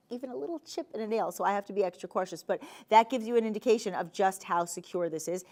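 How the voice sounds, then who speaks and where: A woman with a New Jersey accent hosting a live TV shopping show, pitching jewelry in a chatty, animated sales patter. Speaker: shopping channel host. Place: TV studio.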